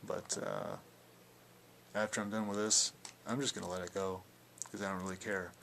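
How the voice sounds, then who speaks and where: A man's voice: low voice, little pitch movement, moderate pace, vocal fry, fairly bright tone, slight background noise. A young man talking casually in a video blog response, rambling and defiant, with plenty of filler words. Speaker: video blogger.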